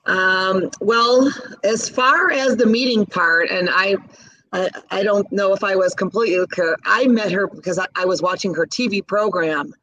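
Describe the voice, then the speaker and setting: A woman's voice: mid-range voice, normal speed, no echo, dull audio. Enthusiastic middle-aged woman caterer. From Chicago area. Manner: warm, gushing, enthusiastic. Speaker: guest, caterer. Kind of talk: interview storytelling.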